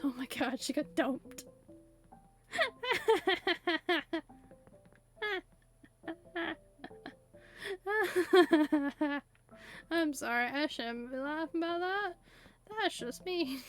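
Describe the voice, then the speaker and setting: A high-pitched woman chats playfully through a video game, quick to laugh and full of asides. Her voice is close on a desk condenser mic in a home setup, with faint game music underneath. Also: lively intonation. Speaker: streamer. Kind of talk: casual gameplay commentary. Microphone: desk USB condenser mic.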